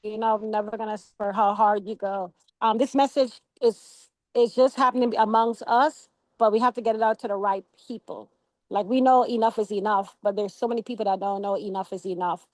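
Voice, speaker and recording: A woman speaking as a panelist on a video call, earnest and halting, with many fillers and restarts. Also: medium pitch, fairly even intonation, no echo, poor audio. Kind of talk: casual chat on a video call.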